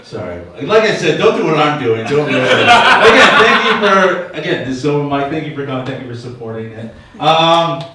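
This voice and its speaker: Fifty-something guy doing open mic crowd work, crude and rambling, bit of a denture slur, kinda high voice, echoey room heard from far off. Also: sharp tone. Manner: crude, rambling, self-mocking. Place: small comedy venue.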